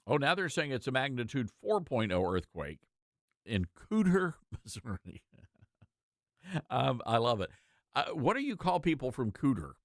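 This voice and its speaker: A man's voice: mid-range voice, dry recording, clean studio sound. A man hosting a talk show, chatting casually and joking with laughing asides. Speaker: host.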